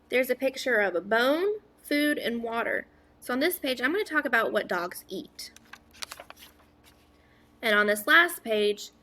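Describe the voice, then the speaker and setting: Slow, patient woman teaching phonics. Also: a little high, pushed and bright, slight background noise. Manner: stretches out sounds, asks and praises an imagined class. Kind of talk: slow modeled phonics lesson for young children.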